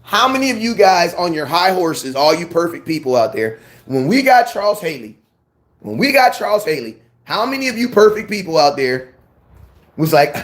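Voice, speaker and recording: A man hosting a sports fan channel, ranting his opinions in a blunt, slangy, animated way. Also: high voice, normal speed. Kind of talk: fired-up sports opinion rant.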